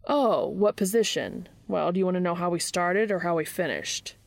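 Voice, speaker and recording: A blunt, sarcastic young man, voiced by a woman reader. His lines land flat and wry, a little low and gravelly. The sound is close, with no room around it. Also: moderate pace, no echo. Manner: sarcastic, dry delivery.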